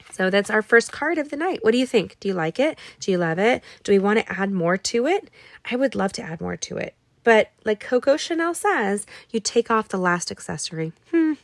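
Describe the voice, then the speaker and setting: A woman's voice: mid-range voice, no echo. A middle-aged woman hosting a live card-making tutorial, bubbly and rambling, chatting with viewers and making little noises and exclamations as she works. She sounds a bit tired. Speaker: card-making livestream host.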